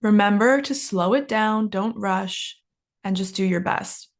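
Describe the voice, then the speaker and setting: A woman's voice: medium pitch, unhurried. A woman teaching an English lesson, enunciating carefully and exaggerating rising and falling intonation so learners can copy it. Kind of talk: English lesson with shadowing practice.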